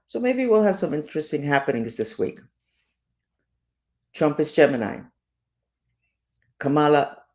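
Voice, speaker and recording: A woman presents the weekly horoscopes in an unscripted monologue, her voice rumbling low. She's animated and emphatic, swinging between loud stresses and quiet asides.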